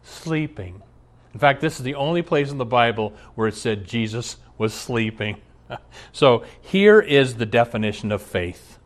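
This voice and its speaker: A man's voice: mid-range voice, expressive, a little slow. A man preaching a sermon, telling stories with emphasis and occasional laughs. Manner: storytelling, emphatic, frequent laughs. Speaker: pastor.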